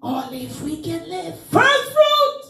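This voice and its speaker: A woman's voice: extremely high pitch, big pitch swings, slow, bright, forceful tone. A woman pastor preaching a fervent sermon, chanting and crying out in rising sung phrases. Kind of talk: Pentecostal sermon. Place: church. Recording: roomy church sound from far off.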